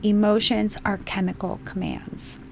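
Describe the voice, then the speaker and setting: A woman giving an emphatic, unscripted spiritual monologue, stressing points with swearing and slow, deliberate phrasing. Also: mid-range voice, flat delivery, creaky, a little mellow, slight background noise. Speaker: spiritual channel host.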